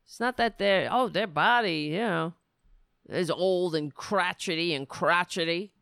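Woman, sarcastic news commentator, drawn-out delivery, dry close sound. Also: fairly low pitch, vocal fry, fairly bright tone, clear, resonant tone, no echo. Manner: sarcastic and mocking; reads news excerpts, then riffs on them. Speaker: political commentary host.

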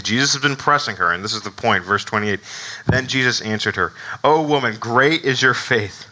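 Male pastor, casual conversational sermon, very bright tone, restarts and laughs often. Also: mid-range voice, poor audio. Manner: conversational, many fillers and restarts.

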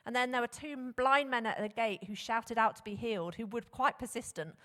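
A woman preaching a sermon, animated and conversational, often posing rhetorical questions to the congregation. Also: a little high, brisk. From England. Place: church hall. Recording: long hall reverb.

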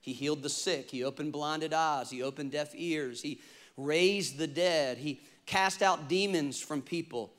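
High, bright-voiced preacher man. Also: unhurried. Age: 40s. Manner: energetic, humorous, calls on the congregation to respond. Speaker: pastor. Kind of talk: sermon.

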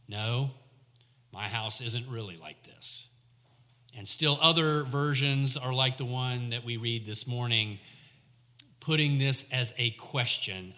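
A man preaching a sermon in a church, measured and reflective, slowing down for emphasis. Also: medium pitch, sharp tone, in a large hall. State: coughing, clearing throat.

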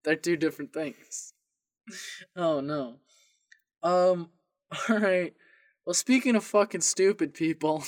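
A young man co-hosting a casual podcast, telling a story in an animated way, swearing and laughing often. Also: a little high, unhurried, no room sound. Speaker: podcast co-host.

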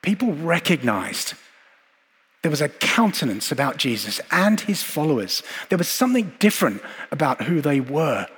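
A man preaching a sermon in an earnest, reflective way, with measured pauses and repeated phrases. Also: fairly high pitch, sing-song, fairly bright tone, husky. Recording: long hall reverb.

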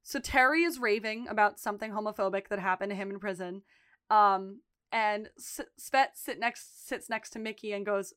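A woman's voice: medium pitch, a bit bright, smooth, no room sound, studio quality. A woman co-hosting a podcast, recapping a TV episode in casual chat, emphatic and laughing often, swearing freely. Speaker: podcast co-host.

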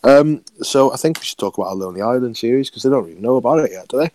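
A man's voice: medium pitch, animated, very fast, a little mellow. A man co-hosting a podcast in casual chat, laughing often and correcting himself mid-sentence. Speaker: podcast co-host.

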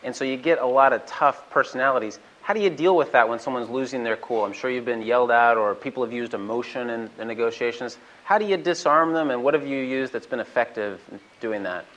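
A man's voice: mid-range voice, fairly quick, a bit bright, highs cut off. A man interviewing a guest, setting up each question politely before he asks it.

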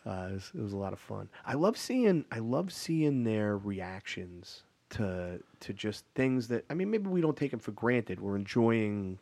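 A man hosting a casual chat, an animated storyteller who laughs often. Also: fairly low pitch, a little slow, hardly any pauses, no room sound.

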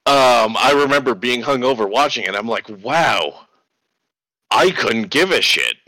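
A young man telling a casual story in a relaxed, dismissive way. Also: medium pitch, measured pace, dry recording, poor audio. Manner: laid-back storytelling, dismissive. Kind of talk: casual chat.

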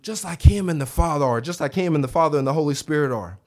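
A man preaching a revival sermon in a church, animated, acting out quoted voices and calling on the congregation to answer back. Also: fairly high pitch, quick pace. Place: church sanctuary.

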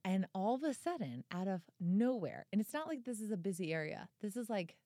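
A woman around thirty tells stories in a lively, casual way, full of "like" and the odd curse word. She sits close to the mic, and her voice sounds dry, with no room sound around it. Her pitch sits in an ordinary middle range. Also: fairly quick, no echo. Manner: animated storytelling, frequent swearing and fillers. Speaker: podcast co-host and author. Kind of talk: casual chat.

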